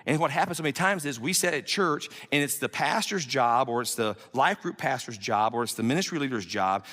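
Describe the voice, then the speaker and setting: A man's voice: mid-range voice, fairly bright tone. A man in his fifties, a pastor preaching an emphatic, conversational sermon full of rhetorical questions, in a church. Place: church sanctuary. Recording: long hall reverb in a church.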